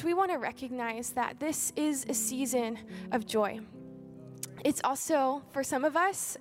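Woman, pastor, high voice, church announcements, faint music behind. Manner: warm, inviting, with ums. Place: church sanctuary.

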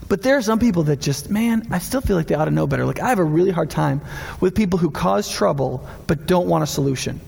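Animated pastor with a gravelly voice. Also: male voice, a little high. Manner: conversational and animated, acting out quoted voices. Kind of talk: casual sermon. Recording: long hall reverb.

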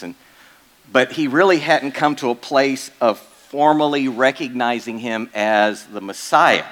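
A man's voice: mid-range voice, a bit bright. A male pastor giving a sermon in a casual, joking way, full of fillers and asides to the congregation. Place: church.

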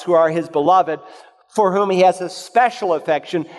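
A man preaching a sermon, reading scripture in a low, measured voice and rising to loud, emphatic points. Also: big-room sound. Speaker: pastor.

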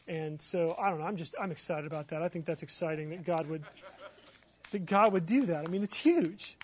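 A man preaching as a pastor, telling a personal story in an animated, excitable way with many fillers. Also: a little high, fairly quick, slight background noise. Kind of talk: sermon storytelling.

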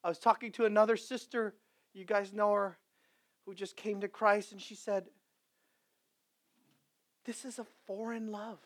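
A man preaching a sermon to his congregation. He swings between loud, impassioned exhortation and quiet, conversational storytelling with asides. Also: high voice, flat delivery, a little slow, pauses often. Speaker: pastor.

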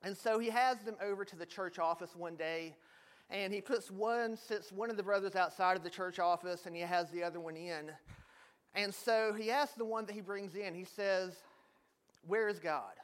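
High-voiced man preaching a sermon. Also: moderate pace. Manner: storytelling, joking with the congregation. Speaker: pastor.

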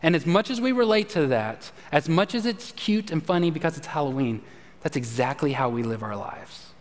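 Man, pastor, sermon, high voice, conversational storytelling, long church-hall reverb. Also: normal speed. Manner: conversational storytelling, animated shifts, drops low and quiet at key points. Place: church sanctuary.

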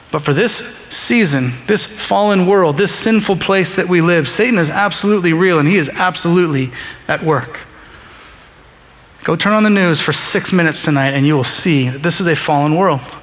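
High-voiced preacher in a reverberant church. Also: male voice, moderate pace, a bit bright. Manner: conversational, emphatic, repeats key phrases. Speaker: pastor. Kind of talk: sermon. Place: church sanctuary during a service.

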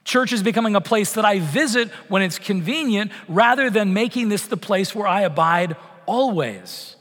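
High-voiced Canadian pastor preaching. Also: male voice, expressive, moderate pace, a bit bright, big-room sound. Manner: conversational preaching with many fillers and restarts. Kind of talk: sermon. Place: church sanctuary.

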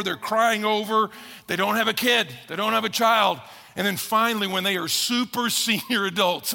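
Gravelly man preaching in a hall. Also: sits high, bright, forceful tone. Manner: conversational preaching with emphatic slowdowns. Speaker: pastor. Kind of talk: sermon. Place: church sanctuary. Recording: echoey hall reverb.

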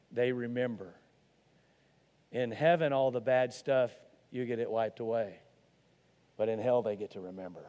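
A man's voice: medium pitch, dark tone, in a large hall. A man from Arkansas, preaching an earnest, conversational sermon with many restarts. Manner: earnest and conversational, with many restarts and rising emphasis on key lines. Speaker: pastor.

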